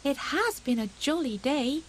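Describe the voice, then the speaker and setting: A woman voicing a kind, gentle female grey rabbit in a storybook reading. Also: high-pitched, big pitch swings, moderate pace, a little hiss or hum, pitched above the performer's own voice. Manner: soft and gentle.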